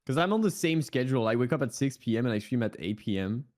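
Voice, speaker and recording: A man's voice: medium pitch, lively intonation, quick pace, a little mellow. A man co-hosting a podcast, chatting casually and playfully. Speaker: podcast co-host.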